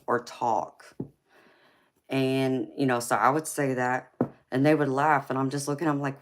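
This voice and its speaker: This tarot reader and livestream host has a rumbling low voice and talks at a normal speed. Raised in Georgia though from California, she speaks in a heavy Southern drawl and keeps things casual and affectionate, addressing viewers as honey, sweetheart and babe.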